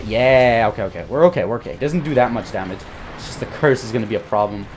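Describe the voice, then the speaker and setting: A young man giving profane, frustrated commentary while playing a video game, muttering and then yelling. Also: medium pitch, expressive, fast, slight background noise. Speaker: gaming YouTuber. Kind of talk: profane live gameplay commentary.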